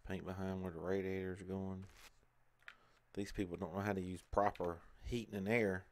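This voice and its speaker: Guy with a kinda low voice, just chatting to himself while playing a game. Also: level tone, moderate pace, a little hiss or hum. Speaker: gaming channel host. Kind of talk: casual let's play commentary.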